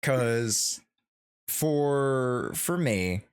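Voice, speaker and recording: A man hosting a casual podcast chat on a headset, talking in a halting way with many restarts. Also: medium pitch, animated, smooth. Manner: hesitant, many restarts and fillers. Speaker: podcast host.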